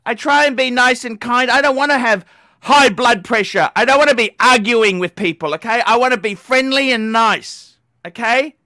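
A man hosting a live stream, ranting and swearing at callers, bursting into shouts. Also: very high voice, moderate pace, no echo, studio quality. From Australia. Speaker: livestream host.

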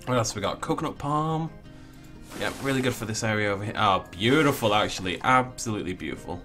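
A man's voice: on the low side, lively intonation, fast talker, pushed and bright, soft background music. Chatty man narrating a zoo game. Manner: chatty, playful, jokey asides. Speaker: let's play host. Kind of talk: casual gameplay commentary.

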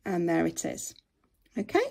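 A woman's voice: on the low side, big pitch swings, unhurried, gravelly, a little mellow, breathy edge. A woman, teaching patiently and step by step in a screen-share tutorial. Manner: patient, step-by-step, frequent "okay".

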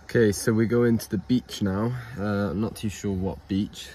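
A young man vlogging to camera while running outdoors, excitable and swearing often, a bit out of breath. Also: lowish voice, normal speed, a little hiss or hum. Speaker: travel vlogger. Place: outdoors on rocky coast and beach. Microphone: phone held while moving.

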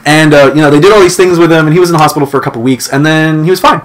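A man's voice: on the high side, rapid-fire. A young man, a podcast co-host, telling a rambling childhood story in casual chat and acting out what family members said. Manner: rambling storyteller, acts out family quotes with laughs.

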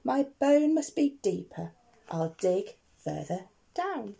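A woman's voice: medium pitch, big pitch swings, slow pace, gravelly, dark tone, breathy edge, heavily acted. A woman voicing a hungry, polite male dog in a rhyming storybook, speaking in a sing-song, apologetic way. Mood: determined. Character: hungry, polite male pet dog digging for his bone.

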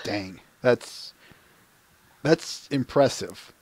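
A man's voice: mid-range voice, very slow, dry recording. Easygoing guy hosting a podcast, mid voice, dry close sound. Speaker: podcast host.

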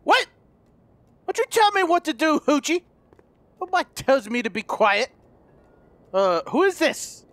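A man doing playful let's play commentary, goofy and loud, who repeats lines and yells when startled. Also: sing-song, unhurried, pauses often, no echo. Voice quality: high-pitched comedic voice. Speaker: gaming YouTuber.

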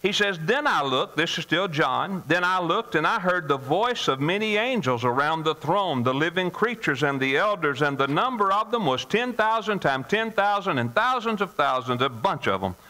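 A man's voice: fairly high pitch, expressive, normal speed, few pauses, sharp tone, low-quality recording. A male pastor preaching a midweek sermon in church, emphatic and repetitive, with frequent restarts. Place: church sanctuary.

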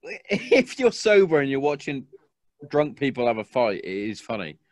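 A man's voice: medium pitch, huge pitch swings, moderate pace, darkish tone, dry recording, studio quality. A man in his thirties hosting a podcast, chiming in with short, blunt remarks. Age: 30s. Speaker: podcast host. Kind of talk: casual chat.

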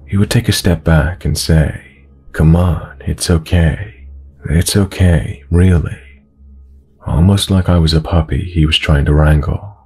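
Male horror narrator: very low, husky, slow and measured, soft music bed. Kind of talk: scripted horror story narration. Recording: narration over background music.

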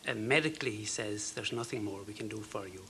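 An Irish man in his fifties, a talk show guest, telling a personal story in an earnest, halting way. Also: lowish voice, slight background noise. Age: 50s. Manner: earnest, halting, with fillers and soft dropped phrases.

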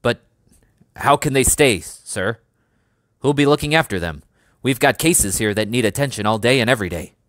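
A man's voice: mid-range voice, lively intonation, normal speed, fairly bright tone, dry recording, clean studio sound, voice pushed up, lightly acted. A man voicing an indignant army sergeant who protests barely politely, in a storybook reading. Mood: protesting.

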